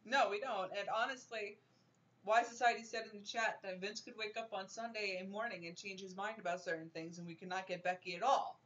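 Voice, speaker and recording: A young woman hosting a casual wrestling chat, animated, ranting and laughing often. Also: medium pitch, a little fast. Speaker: podcast host. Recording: dull lo-fi stream audio.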